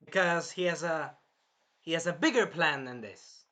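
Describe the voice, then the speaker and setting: A man recaps an anime episode in a loose, rambling review packed with fillers. He sounds a bit tired and clears his throat, his voice fairly high with a sharp tone at a normal pace.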